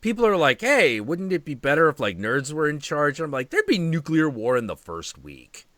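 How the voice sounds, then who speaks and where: Male streamer, animated swearing storyteller, bright voice with lively pitch, dry close sound. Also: moderate pace, no echo. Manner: animated storytelling with profanity and acted-out quotes. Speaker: stream host. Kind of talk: casual chat.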